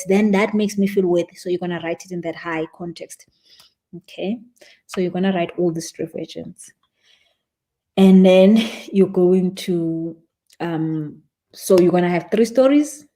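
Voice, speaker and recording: A woman's voice: mid-range voice, dark tone. A South African woman, a spiritual teacher, explains a ritual step by step in a chatty live stream and laughs easily at her own examples.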